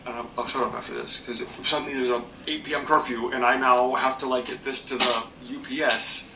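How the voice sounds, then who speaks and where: Man, casual vlog ranter, rambling and self-deprecating, sharp bright voice, distant mic, echoey room. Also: medium pitch, level tone, brisk, a little hiss or hum.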